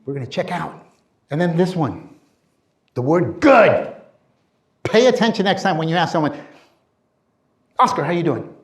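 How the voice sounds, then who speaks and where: A middle-aged man giving an energetic motivational talk as a career coach, telling stories and acting out quoted people in playful voices. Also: a little high, moderate pace, pauses often, reverberant.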